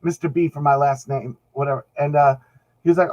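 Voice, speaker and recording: A man's voice: on the high side, fairly even intonation, brisk, a little mellow, muffled recording. A man, a guest on a podcast, telling rambling stories in casual chat and acting out the quotes. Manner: rambling anecdotes with acted-out quotes. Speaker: podcast guest, band musician.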